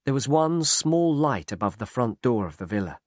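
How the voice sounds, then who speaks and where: A man narrating a graded reader story in a slow, measured audiobook style. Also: mid-range voice, no room sound. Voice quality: slow, lively delivery. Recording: dry close recording.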